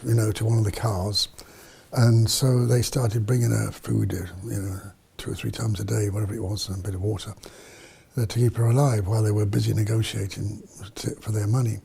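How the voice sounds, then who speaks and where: A man's voice: lowish voice, gravelly, warm tone, husky. A man, a priest and missionary, telling stories in an interview, rambling with many fillers and restarts. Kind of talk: storytelling in an interview.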